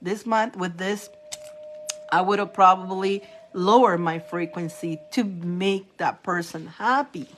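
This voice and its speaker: A woman talks to her live-stream viewers as a spiritual reader. She is chatty and animated, and her voice jumps up high when she gets excited. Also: unhurried, slight background noise. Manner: animated and chatty, laughing often. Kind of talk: casual live-stream chat.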